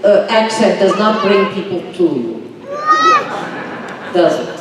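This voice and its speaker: A woman's voice: on the low side, animated, takes it slowly, long pauses, background noise. A woman answering fan questions on a convention stage, with a theatrical and emphatic delivery. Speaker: convention panel guest. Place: large convention hall stage. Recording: echoey hall from far off, crowd.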